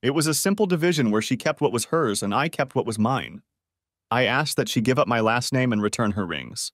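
Lively male audiobook narrator. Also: medium pitch, a little fast, no room sound, clean studio sound. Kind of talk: scripted first-person audiobook narration.

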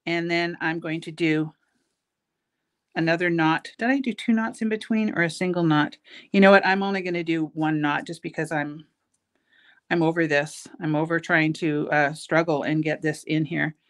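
A woman's voice: deep voice, fairly even intonation, moderate pace. A middle-aged woman leads a casual beading tutorial from her shop. She chats freely between steps and pokes fun at herself as she works. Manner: chatty, self-mocking, laughs at her own jokes. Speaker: host, bead shop owner teaching a craft. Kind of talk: casual craft tutorial with chatty asides.

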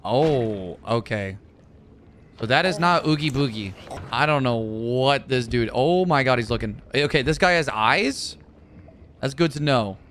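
A man streaming a video game, reacting out loud with swearing and talking to the characters on screen. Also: medium pitch, unhurried, a little hiss or hum. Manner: jumpy and excitable, swears, talks to game characters. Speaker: gaming streamer. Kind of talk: let's play commentary.

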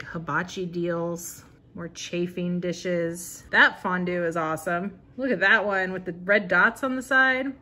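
A woman's voice: lowish voice, pushed and bright, slight background noise. A woman hosting her own channel, chatting casually as she flips through an old catalog, amused and laughing often. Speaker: vintage reseller and channel host.

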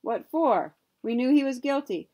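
A blunt frontier justice of the peace with a folksy, unhurried way of talking. A woman puts him on while reading a storybook aloud. He speaks plainly and leans on his words. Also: sits high, animated, dark tone, pitched above the performer's own voice.

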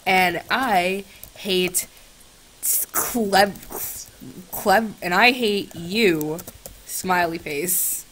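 A woman's voice: on the low side, extremely slow, a bit bright. A young woman vlogger chatting sarcastically with a chatbot, swinging between shrieks and mutters, on a computer's built-in mic. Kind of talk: casual chat with a chatbot.

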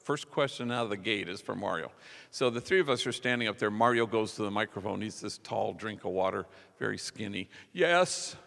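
A man's voice: lowish voice, fairly quick, vocal fry, fairly bright tone. A man preaching a sermon as a conversational story, acting out the quotes of the people in it. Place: large church. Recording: long church reverb.

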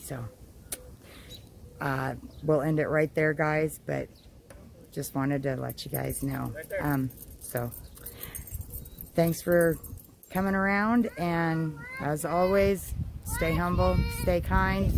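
A woman homestead vlogger chatting outdoors in her garden, gushing and exclamatory, with drawn-out words. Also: deep voice, fairly even intonation, vocal fry, a little hiss or hum, rough recording. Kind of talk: casual excited vlog.

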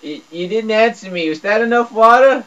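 A man's voice: expressive, normal speed, fairly bright tone. Stammering goofy man, dull lo-fi sound. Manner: stammering, repeats words, dopey broken grammar; swings between mumbling low and squealing high. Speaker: gameplay video creator. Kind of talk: comedic gameplay commentary. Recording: dull lo-fi recording.

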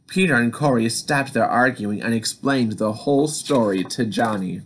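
A man reading a children's storybook aloud, gentle and encouraging toward young listeners. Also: mid-range voice, normal speed, breathy edge.

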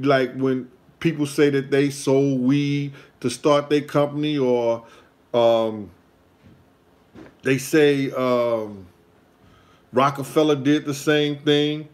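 On his own show, a man with a medium-pitched voice tells a loose, meandering story, circling back over the same points and using lots of street slang.

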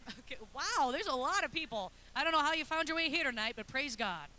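A woman in her thirties preaching a lively, chatty sermon in a church, acting out little scenes as she goes. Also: high voice, fairly quick. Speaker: pastor's wife preaching. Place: church sanctuary.

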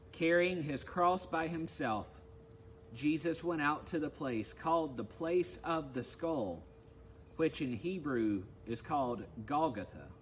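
A man's voice: mid-range voice, a little hiss or hum, poor audio. Man pastor leading a devotional. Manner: relaxed and conversational in the opening, solemn and louder in the readings and prayers. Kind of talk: devotional service reading and prayer.

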